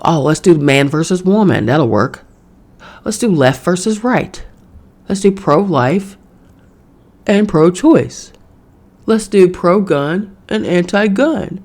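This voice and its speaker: A woman's voice: fairly low pitch, animated, slow pace, long pauses, a little mellow, pitched above the performer's own voice, exaggerated voice. A woman mockingly voicing scheming shadowy male power brokers who plot glibly. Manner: mocking, glib.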